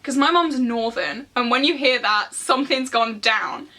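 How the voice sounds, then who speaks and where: A young woman in her twenties telling a casual storytime while seated indoors, animated and laughing often as she acts out quoted dialogue. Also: on the high side, moderate pace. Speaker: vlogger.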